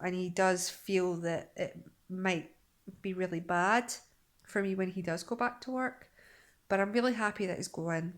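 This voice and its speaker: A young woman, chatting casually in a daily vlog, rambling with restarts and quick laughs. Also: lowish voice. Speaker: vlogger.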